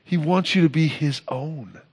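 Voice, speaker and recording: A man preaching a sermon as pastor, earnest, building to emphatic peaks and then dropping soft. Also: fairly high pitch, expressive, unhurried, husky.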